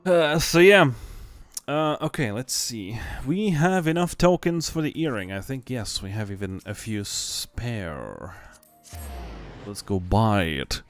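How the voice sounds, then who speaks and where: A man's voice: mid-range voice, very animated, slow. A young man chatting casually on a game stream, swearing freely and laughing often. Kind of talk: casual live stream chat.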